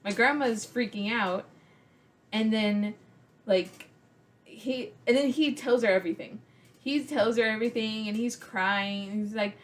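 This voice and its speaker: A woman's voice: a little high, measured pace. Rambling young woman telling a story. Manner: rambling, filler-heavy with many likes. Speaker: vlogger. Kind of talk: casual storytime vlog.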